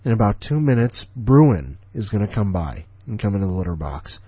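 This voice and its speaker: 40s dude hosting his podcast, grumbly and sarcastic, low husky voice, dry muffled mic. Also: very animated, fairly quick, dark tone, dry recording. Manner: offhand, grumbling, sardonic. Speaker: podcast host. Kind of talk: casual rambling chat.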